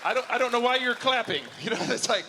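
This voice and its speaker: A man in his forties doing a stand-up set in a large hall, his high, bright voice trailing a long reverb. He talks in a chatty, self-mocking way and keeps checking in with the crowd. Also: expressive, fast, a little hiss or hum. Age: 40s. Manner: chatty, self-mocking, keeps asking the crowd "you know what I'm saying?". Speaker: stand-up comedian. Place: large auditorium at a live show. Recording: hall reverb from a live venue.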